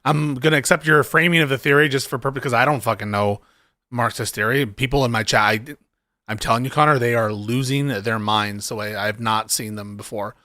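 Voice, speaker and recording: A man's voice: medium pitch, steady tone, brisk, bright, forceful tone, dry recording, studio quality. A man hosting a livestream debate, hesitant and questioning, with occasional casual swearing. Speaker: streamer host.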